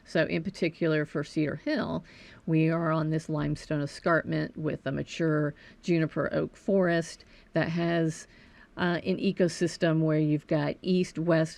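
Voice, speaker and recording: A woman who directs a nature center, answering questions in a casual interview as an animated, informative storyteller. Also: low voice, vocal fry, no room sound.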